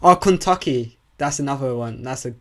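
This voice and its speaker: A young man co-hosts a podcast in easy, casual chat. He talks haltingly and circles back on himself, filling gaps with little restarts. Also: mid-range voice, a bit bright. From southern England. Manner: halting, full of likes and restarts. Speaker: podcast co-host.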